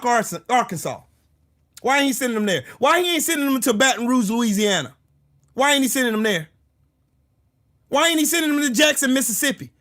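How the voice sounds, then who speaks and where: On his own political commentary channel, a man with an unusually high, piercing voice launches into a combative rant. His bright, sharp delivery is laced with profanity and sudden shouting. He stays relentless and confrontational from start to finish.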